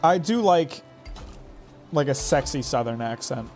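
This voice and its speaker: A man's voice: on the high side, expressive, unhurried, darkish tone, soft background music. A man from the Midwest with a Midwestern accent and a somewhat nasal voice, chatting casually during a game stream. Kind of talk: casual chat while gaming.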